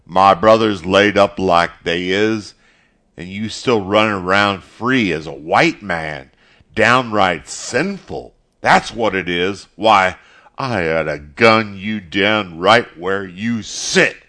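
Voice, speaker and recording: A man voicing an angry, drunken farmer who sputters and shouts threats in a storybook reading. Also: sits low, slow, full character voice. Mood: furious, menacing.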